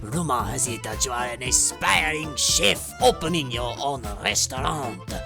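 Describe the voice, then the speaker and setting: A woman putting on a flamboyant French TV interviewer, gushing and theatrical, in a low, gravelly voice that leaps around in pitch. The put-on French accent stretches every word slowly into sing-song exclamations, with clear music playing underneath. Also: lively intonation, exaggerated voice.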